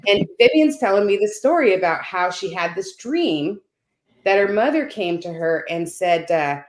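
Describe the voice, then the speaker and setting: A woman's voice: mid-range voice, animated, moderate pace. A middle-aged woman telling a personal story in casual conversation on a video call, often checking in with "right?" and "you know". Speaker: guest on a panel talk. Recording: roomy echo.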